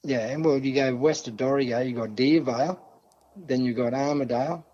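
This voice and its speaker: A man's voice: mid-range voice, moderate pace, mellow, slight background noise. Australian man, casual yarn-spinner who swears freely, recorded on dull, muffled audio. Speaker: podcast guest. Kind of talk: casual storytelling.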